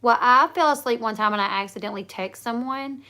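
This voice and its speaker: A woman's voice: fairly high pitch, quick pace, sharp tone. A woman hosting a casual livestream chat, telling rambling stories with many fillers and restarts. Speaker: livestream host.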